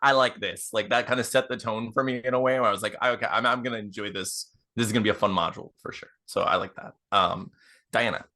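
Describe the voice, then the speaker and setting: A man's voice: lowish voice, steady tone, fast, pushed and bright. A man playing in a tabletop game podcast, talking eagerly and repeating words as he goes. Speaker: player. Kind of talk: casual podcast chat.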